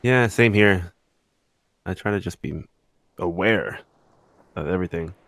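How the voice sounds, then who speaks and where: A man co-hosting a podcast in casual chat, laid-back and quick to laugh along. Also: sits low, fairly bright tone, no echo. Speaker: podcast co-host.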